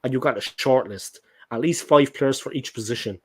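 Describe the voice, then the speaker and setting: A man's voice: mid-range voice, moderate pace, husky. A man with an Irish accent on a football podcast, talking in a joking, rambling way about his club's transfer plans. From Ireland. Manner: jokey, rambling, chatty. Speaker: guest. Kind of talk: casual football podcast chat.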